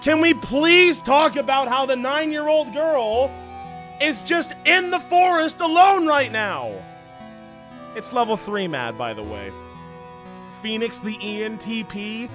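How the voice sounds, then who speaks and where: A young man streaming a video game, excitable and ranting, swearing freely and often shouting at the story. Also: very high-pitched, measured pace, over music. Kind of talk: let's play commentary.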